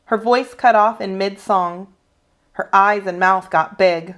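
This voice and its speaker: A woman's voice: medium pitch, fairly even intonation, takes it slowly, fairly bright tone. Woman reading a children's novel aloud. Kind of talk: children's read-aloud narration.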